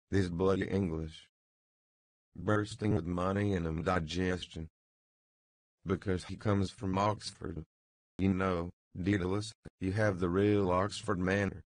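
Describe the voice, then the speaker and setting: A man reading the lines of a jaunty, mocking young man who teases brightly, in a low, slow, gravelly voice. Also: dry recording. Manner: brisk, gay, teasing.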